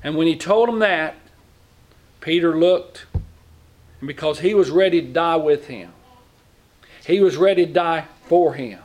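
A male pastor preaching a sermon, swinging between loud bursts and quiet asides and often repeating words. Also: a little high, measured pace, long pauses.

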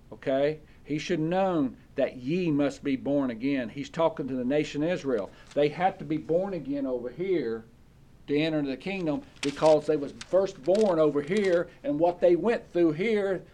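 A man's voice: fairly high pitch, moderate pace, darkish tone. A man preaching a Bible study sermon, reading verses aloud and checking in with his listeners with "okay?".

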